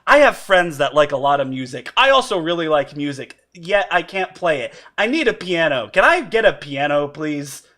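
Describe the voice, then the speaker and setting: A man's voice: a little high, sing-song, normal speed, hardly any pauses, pushed and bright. A man giving casual, rambling gameplay commentary as a streamer, chatty and laughing often.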